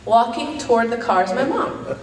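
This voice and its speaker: A woman's voice: on the high side, animated, moderate pace, a little hiss or hum. A woman performing a stand-up comedy set, rambling and self-deprecating, with lots of "um" fillers, laughing at her own jokes. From New York. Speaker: stand-up comic. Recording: roomy, from a distance.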